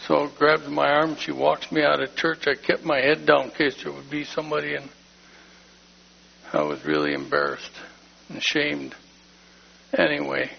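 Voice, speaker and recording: A man giving an emotional personal testimony in church, plain-spoken and heartfelt. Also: on the high side. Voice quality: gravelly, husky voice. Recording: dull lo-fi recording.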